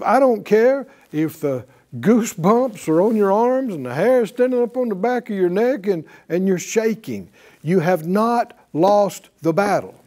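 A man preaching to a class, animated, asking them questions and acting out quotes. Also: high-pitched. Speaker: bible teacher.

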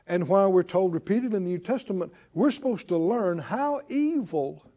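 A man's voice: high-pitched, warm tone. A man preacher delivering a sermon, exhorting his congregation with rhetorical questions and often repeating words as he starts a phrase.

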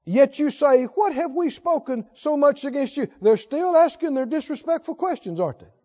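High-voiced preacher, lo-fi recording. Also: male voice, lively intonation, moderate pace. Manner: preaching, rising to shouted exhortation. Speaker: pastor. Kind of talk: sermon. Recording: dull lo-fi sermon recording.

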